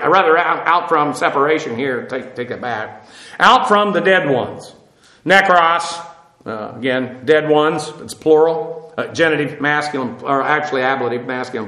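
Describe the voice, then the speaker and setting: A man teaching a verse-by-verse Bible study, parsing Greek grammar with frequent pauses and "uh" as he explains. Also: fairly high pitch, pushed and bright, roomy sound. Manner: explanatory, stops often with "uh" to parse grammar.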